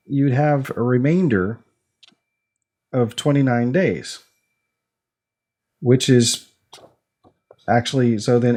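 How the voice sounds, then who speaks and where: A young man on a casual podcast, working through an idea out loud with plenty of restarts and fillers. He fires quick quiz questions at his co-host and keeps a middle-pitched voice. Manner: rambling, full of restarts and fillers.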